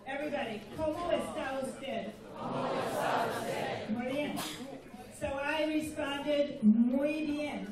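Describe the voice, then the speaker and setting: Recorded from a distance in an echoey school room packed with students, a woman with a high voice leads a classroom phrase lesson in basic Spanish. She takes it slowly, pausing often and patiently repeating each phrase for the students to echo.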